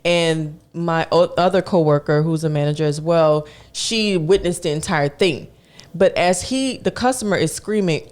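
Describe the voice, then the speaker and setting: A young podcast host with a fairly high voice recounts a story from work at a moderate pace. He's animated and colloquial, playing out the different people in the tale as he goes.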